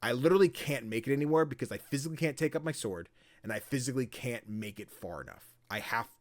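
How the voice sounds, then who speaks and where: A man's voice: medium pitch, expressive, fast, no echo, lightly acted. A man voicing a proud, frustrated young woman warrior who lashes out angrily and swears in a video game retelling. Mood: defeated. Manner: angry, swearing outbursts.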